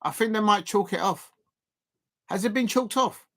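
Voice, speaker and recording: A man hosting a live football watch-along, commentating in a rambling way with many fillers and restarts, excitable at key moments. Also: sits high, normal speed, creaky.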